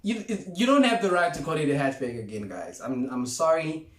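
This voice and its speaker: A young man chats through a casual car review, hammering his points home by repeating them and laughing along the way. His voice sits slightly high. The room gives a noticeable echo. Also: animated, a little fast. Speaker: car vlogger. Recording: roomy echo.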